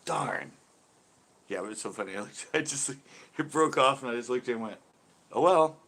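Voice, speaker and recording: A man hosting a casual livestream chat, telling a fishing story and reading viewers' questions. He laughs often and gets lively when he quotes other people. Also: mid-range voice, quick pace. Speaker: livestream host.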